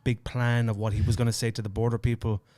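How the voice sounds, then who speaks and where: A man's voice: medium pitch, fast, no room sound. Swearing Irish man, dry close sound. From Ireland. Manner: swears freely, animated storytelling with put-on voices. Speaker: podcast co-host. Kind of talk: casual chat.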